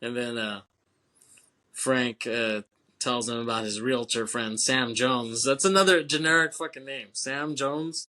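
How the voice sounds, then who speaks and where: A man with a bright, forward voice chats casually as a podcast co-host. He laughs often and swears freely while recapping a film. He slips into quick impressions of the characters' lines. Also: mid-range voice.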